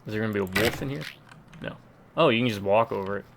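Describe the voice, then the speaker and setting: A man's voice: on the low side, fast, vocal fry, background noise. A young man from Georgia in the United States giving casual let's-play commentary, muttering running remarks and dry quips as he plays. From Georgia, USA. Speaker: gameplay commentator.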